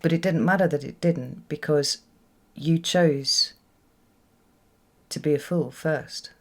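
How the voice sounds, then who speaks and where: Speaking slowly in a medium-pitched, darkish voice, a tarot reader gives a solo reading to camera in a reflective manner. Words are often repeated for emphasis, with frequent "right?" check-ins. Children are nearby in the home.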